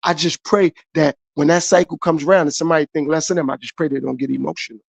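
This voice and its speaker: A man's voice: fairly high pitch, steady tone, fast talker, gravelly, no room sound. A man hosting his own podcast, giving a repetitive motivational monologue straight to his viewers. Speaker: podcast host.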